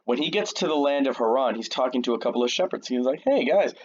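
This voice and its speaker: A youth storyteller retells a Bible story to a young audience in a slangy, jokey, conversational style. His medium-pitched voice is slightly rough and quick, and the audio sounds dull.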